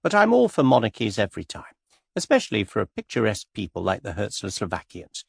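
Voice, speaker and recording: A man reading an audiobook, voicing a witty young English society woman in an airy, teasing, quietly amused manner. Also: lowish voice, huge pitch swings, fast talker, vocal fry, breathy edge, no echo, studio quality, full character voice.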